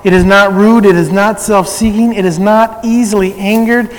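A pastor with a high, light voice preaches to his congregation. He talks in an easy, conversational way with touches of humor. His voice rings through a reverberant church hall. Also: steady tone, normal speed. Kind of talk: sermon.

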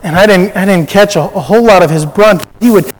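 A man's voice: sits high, brisk, in a large hall, rough recording. A man sharing a personal faith testimony in a conversational storytelling way, often restarting his sentences.

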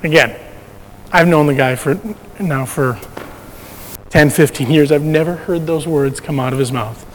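A man's voice: on the high side, a little slow, big-room sound, slight background noise, poor audio. A man sharing a personal faith testimony in a conversational storytelling way, often restarting his sentences.

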